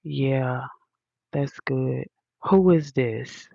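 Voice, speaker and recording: Woman streamer, slow and gravelly, profane and preachy, dull dry lo-fi sound. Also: extremely low pitch, dark tone, no echo. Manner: blunt, profane, preachy slang. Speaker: livestream host answering comments. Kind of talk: casual livestream rant.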